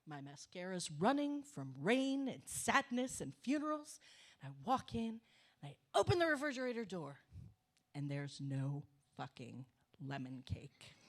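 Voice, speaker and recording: A middle-aged woman telling a comic story on a cafe stage, animated and emphatic, swearing for punch. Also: lowish voice, measured pace. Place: small cafe stage before an audience.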